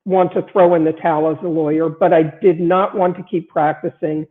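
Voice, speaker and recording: A woman's voice: lowish voice, fairly even intonation, brisk. A middle-aged woman who coaches lawyers, talking straight to her viewers in a conversational way with frequent "uh" fillers and restarts. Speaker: lawyer coach hosting a broadcast. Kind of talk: direct-to-camera advice talk. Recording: tinny phone-like sound.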